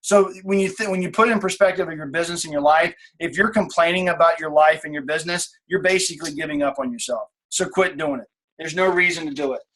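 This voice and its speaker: Leading his team's coaching call, this late-thirties man keeps it blunt and laid-back, swearing often and repeating what matters most. He speaks a little high, with a slightly bright tone.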